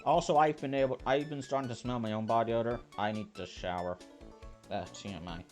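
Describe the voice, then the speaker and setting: A man's voice: medium pitch, steady tone, a little fast. A man casually commenting while playing a video game, joking and reading lines aloud with game music behind him. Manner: joking, voices the game's characters. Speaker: let's play host. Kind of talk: casual let's play commentary.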